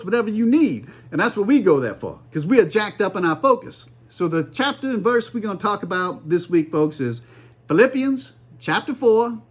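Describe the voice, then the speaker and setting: A man, hosting a faith talk show in a folksy, animated way, laughing often as he talks. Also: high voice. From United States. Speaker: podcast host. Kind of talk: casual faith commentary.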